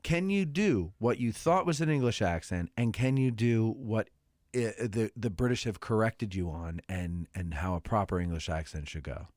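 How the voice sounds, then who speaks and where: A man's voice: lowish voice, normal speed, a little mellow, dry recording, studio quality. A man hosting a podcast, asking questions in a playful, joking, casual way. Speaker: podcast host. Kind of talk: casual interview chat.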